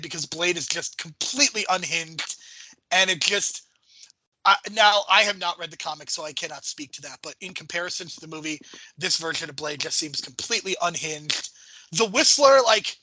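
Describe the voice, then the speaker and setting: A man co-hosting a podcast, giving measured, analytical opinions in casual chat. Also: fairly high pitch, sharp tone, no echo, low-quality recording. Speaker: podcast co-host.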